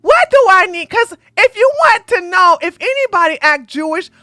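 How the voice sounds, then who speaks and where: A woman host doing live-stream commentary in an animated, sarcastic way, often breaking into laughter. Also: very high-pitched, moderate pace, dry recording, clean studio sound, faint music behind.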